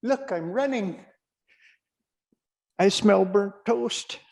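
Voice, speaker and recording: A man voicing an eager, dopey male pet black lab in a goofy, excited way during a stand-up routine. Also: high-pitched, very slow, creaky, voice pushed up, exaggerated voice.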